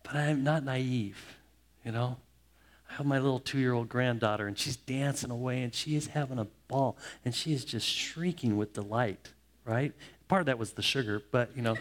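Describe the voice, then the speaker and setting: A man in his fifties, a pastor, preaching a sermon in a personal, heartfelt way, telling family stories with pauses and restarts. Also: mid-range voice.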